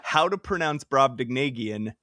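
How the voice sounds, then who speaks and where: Male podcast co-host: bright, lively delivery, laughs a lot, dry studio sound. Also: mid-range voice, no echo. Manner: laughs often, quick excitable storytelling. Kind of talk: casual chat.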